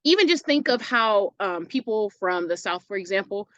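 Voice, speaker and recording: A woman teaching an online English lesson in a casual, chatty way, often checking in with "right?" and sounding out words slowly to show where the stress falls. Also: medium pitch, animated, a bit bright, no room sound, muffled recording. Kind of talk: recorded lesson walkthrough.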